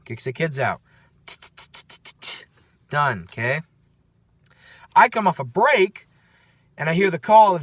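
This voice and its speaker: A man's voice: on the high side, very animated, takes it slowly, long pauses, breathy edge, no room sound. Chatty, profane man with a dry voice. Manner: chatty, profane, keeps checking in with "okay?" and "right?". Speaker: night-shift security guard. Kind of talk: casual after-work storytelling vlog.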